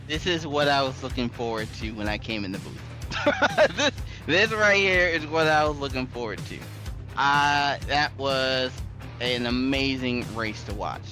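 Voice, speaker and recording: A man's voice: medium pitch, big pitch swings, a little slow, over music, poor audio. A man giving color commentary on a race, exclaiming and laughing often.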